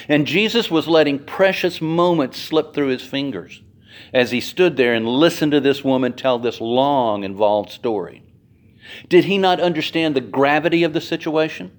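A man preaching a sermon as dramatic storytelling, swinging from loud to hushed. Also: fairly high pitch. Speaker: pastor.

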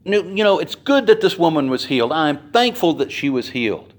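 Man doing anxious father, pleading, strained, high-pitched, loud. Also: big pitch swings, moderate pace. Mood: frantic pleading.

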